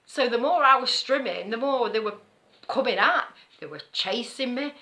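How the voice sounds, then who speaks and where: A woman's voice: fairly high pitch, expressive, moderate pace, pushed and bright. A middle-aged woman with an East Midlands accent, chatting casually in a rambling way as a knitting vlogger, laughing often as she tells a story. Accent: East Midlands English.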